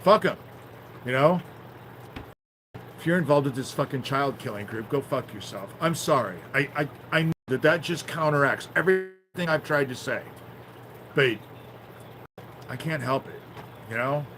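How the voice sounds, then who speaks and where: A man talking on a phone livestream in a rambling, profane way that flares into angry shouting. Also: mid-range voice, normal speed, noisy background. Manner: rambling, swears often, flares into shouting anger. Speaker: livestream host. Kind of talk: casual livestream talk.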